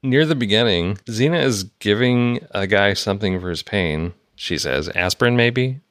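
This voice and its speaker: A man's voice: on the low side, lively intonation, moderate pace, a bit bright, clear, resonant tone, no echo, clean studio sound. A man co-hosting a podcast, chatting casually about a TV episode, wondering aloud and chuckling. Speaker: podcast co-host. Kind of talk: casual chat recapping a TV episode.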